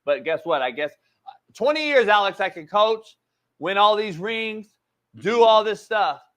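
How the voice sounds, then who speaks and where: Brief: male talk show host, high bright voice, loud and profane. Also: lively intonation, unhurried. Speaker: sports show host and coach. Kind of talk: casual talk show interview.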